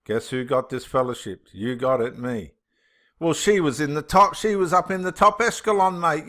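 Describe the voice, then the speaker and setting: A man, a channel host reading viewer comments and answering them in an impassioned, emphatic way. He swings between loud preaching and muttering to himself. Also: medium pitch, animated, moderate pace.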